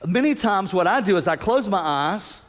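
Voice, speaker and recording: A man preaching a sermon as pastor, animated, acting out the voices he quotes. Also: high-pitched, moderate pace. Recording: long hall reverb.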